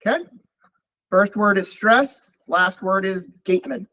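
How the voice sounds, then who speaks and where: Guy with a pretty high voice teaching coding, talks it thru as he types. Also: a little slow, rough recording. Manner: relaxed, thinking aloud while typing code. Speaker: college programming lecturer. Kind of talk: live coding lecture.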